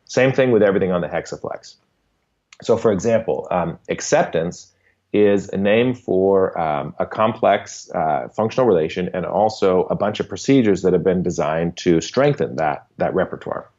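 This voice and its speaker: A man's voice: low voice, expressive, normal speed, darkish tone, highs cut off. A man, a behavior analyst, patiently explaining concepts as a podcast guest and often checking in with "right?". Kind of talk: conversational explanation in an interview.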